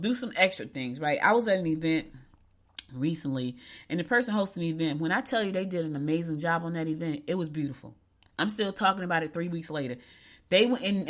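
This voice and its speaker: A woman with a somewhat low voice talks casually to her listeners about business. She is emphatic, says her key points twice, and jumps higher in pitch when she acts out what other people say. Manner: lively, swoops high when quoting people. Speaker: podcast host.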